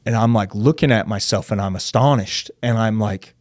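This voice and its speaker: A man's voice: lowish voice, moderate pace, no echo, studio quality. A man from the United States, a podcast guest, telling a candid personal story at length and acting out the dialogue. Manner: long-winded, acts out quoted dialogue, says dude and like.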